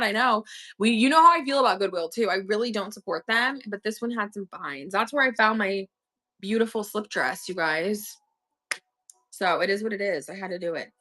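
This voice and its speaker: A woman's voice: a little high, pushed and bright. A young woman chatting casually with viewers on her own livestream, slangy and talkative. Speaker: online reseller hosting a livestream.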